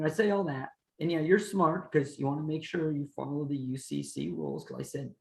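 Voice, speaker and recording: Law prof guy explaining contracts, kinda high gravelly voice, echoey room. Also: moderate pace. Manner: plain-spoken, uses playful hypotheticals. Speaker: law professor and podcast host. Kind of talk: explanatory lecture chat.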